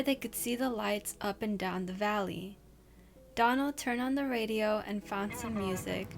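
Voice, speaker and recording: A woman hosting a casual read-aloud storytime, with blunt, chatty asides that include swearing. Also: mid-range voice. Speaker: channel host. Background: faint music and noise from outside.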